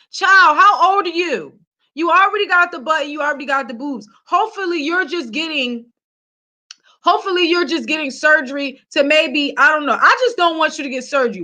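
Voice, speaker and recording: High bright-voiced woman from philly running her gossip show, blunt and chatty, talks right at the viewers. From Philadelphia. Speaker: celebrity gossip host. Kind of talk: casual gossip commentary.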